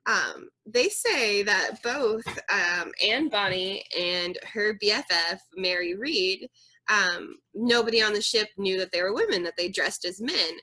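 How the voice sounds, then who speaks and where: Bright-voiced woman in casual podcast chat. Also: mid-range voice, unhurried, poor audio. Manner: playful, rambling, laughs often.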